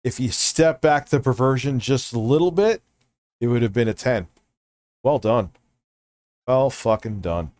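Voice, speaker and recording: A man's voice: mid-range voice, a little slow, long pauses, darkish tone, no echo. Blunt joking man with a New York accent. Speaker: streamer host reacting to videos. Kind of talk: casual live-stream commentary.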